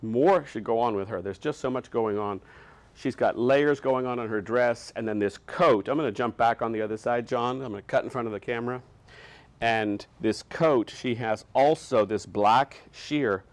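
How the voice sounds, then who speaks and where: Man, casual product showcase, showroom, gushing superlatives, middle pitch. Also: normal speed. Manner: gushing, enthusiastic, lots of superlatives. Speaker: host showing his decor collection.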